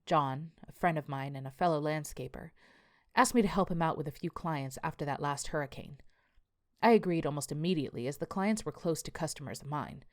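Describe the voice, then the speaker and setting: A man's voice: a little high, brisk, natural voice. A woman voicing a tired male landscaper, telling his story in a plainspoken, confessional way. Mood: rueful. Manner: confessional, plainspoken first-person account. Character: weary male landscaper writing a journal.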